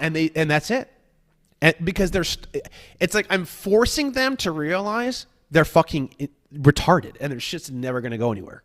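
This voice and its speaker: Man, higher-pitched, profane rambling guest who acts out mocking impressions. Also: expressive, moderate pace, fairly bright tone. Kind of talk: casual podcast chat.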